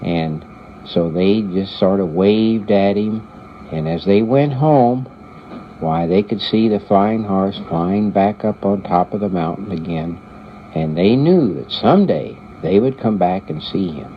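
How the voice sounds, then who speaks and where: An older grandfather storyteller speaking very slowly in a lowish voice, pausing and repeating words as he goes. The recording is dull and muffled, with a faint hiss behind him. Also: expressive. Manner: unhurried, halting, repeats words. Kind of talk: oral storytelling.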